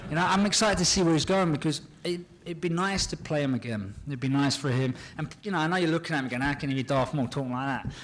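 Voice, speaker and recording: A man answering fan questions at a convention panel, animated and excitable, often acting out scenes and laughing as he talks. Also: a little high, quick pace, few pauses. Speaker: actor guest at a fan panel. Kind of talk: casual panel Q and A.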